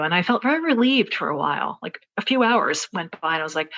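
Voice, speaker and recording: A woman's voice: fairly low pitch, expressive, quick pace, hardly any pauses, fairly bright tone. A woman author talking as an interview guest, telling a personal story in an earnest, searching way, with many fillers and restarts. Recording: dull, lo-fi interview audio.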